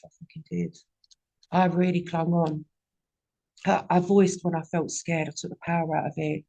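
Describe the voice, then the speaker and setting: A woman's voice: on the low side, creaky, dark tone. A woman in her forties giving a raw, candid personal testimony at a recovery meeting and swearing often.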